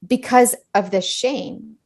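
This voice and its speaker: A woman's voice: fairly high pitch, slow pace, vocal fry, darkish tone. A middle-aged woman, a dentist guest on a podcast, talking earnestly and candidly and often repeating words as she goes.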